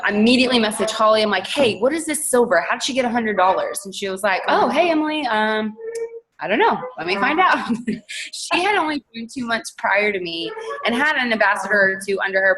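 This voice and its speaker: A young woman, chatting casually as a guest on a call and telling her story in an animated way. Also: medium pitch, poor audio. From Texas. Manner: chatty, animated, laughs often.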